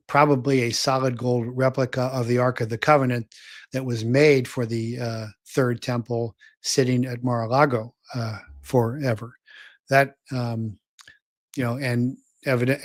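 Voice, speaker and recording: Older male host, casual stream chat, rambling with fillers, dry close-mic sound, mid pitch. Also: no room sound. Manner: rambling, many fillers and restarts. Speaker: show host. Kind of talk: casual livestream talk reading viewer comments.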